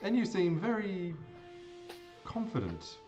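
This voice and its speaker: A man's voice: high voice, wildly swooping pitch, slow, dark tone, highs cut off, faint music behind. A man with an Australian accent playing in a tabletop game, talking casually and saying "like" a lot. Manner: casual, with lots of likes. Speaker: player. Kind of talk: tabletop role-play.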